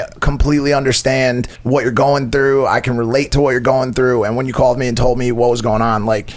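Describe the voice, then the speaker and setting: A man as a guest in a casual podcast chat, bantering quickly and swearing, earnest when he gets serious. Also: medium pitch. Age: older.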